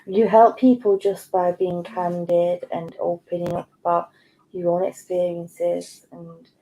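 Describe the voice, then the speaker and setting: A woman's voice: lowish voice, little pitch movement, measured pace, dark tone, poor audio. A woman from a channel's community speaking on a livestream in a supportive, reassuring way. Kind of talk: supportive casual chat.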